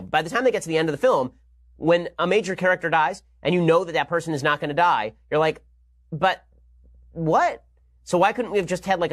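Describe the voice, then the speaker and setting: A man in his thirties hosting a political podcast, delivering a fast, sarcastic, argumentative monologue. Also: a little high, a bit bright. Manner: rapid-fire, sarcastic, argumentative. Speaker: political commentator and podcast host.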